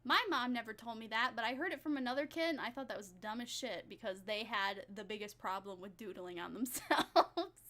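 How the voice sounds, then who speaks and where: A woman's voice: a little high, fairly quick, fairly bright tone. A young woman streaming as a vtuber, chatting casually with her viewers in a giggly, rambling, self-mocking way.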